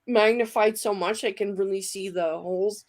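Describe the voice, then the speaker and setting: A woman guest on a livestream, explaining things in a rambling, halting way. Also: mid-range voice, fairly even intonation, darkish tone, dry recording. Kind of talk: casual livestream chat.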